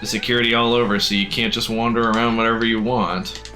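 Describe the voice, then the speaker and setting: A man chatting casually on a live stream while playing a game, chatty and quick to laugh. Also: medium pitch, flat delivery, bright, forceful tone, roomy sound, faint music behind.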